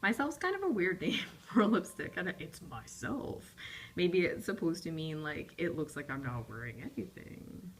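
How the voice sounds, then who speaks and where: A woman's voice: lowish voice, very animated, moderate pace. A young woman casually reviewing lipstick swatches, chatty and rambling, with frequent ums and apologies. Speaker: beauty vlogger.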